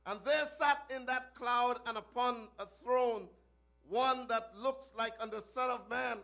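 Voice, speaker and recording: High-voiced preacher telling a vision. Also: male voice, unhurried, vocal fry. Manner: archaic biblical cadence, shouted refrains. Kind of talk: sermon recounting a vision.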